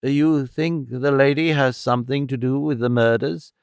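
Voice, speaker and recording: A man's voice: mid-range voice, steady tone, normal speed, vocal fry, clean tone, dry recording, studio quality, natural voice. A man voicing a polite, reserved older abbot who answers courteously but evasively.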